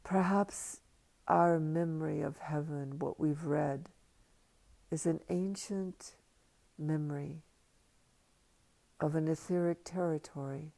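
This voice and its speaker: An older woman giving a slow, reflective livestream talk as a spiritual teacher, speaking softly and slipping into whispers. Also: sits low. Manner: soft and hushed, slipping into whispers. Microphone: livestream computer mic.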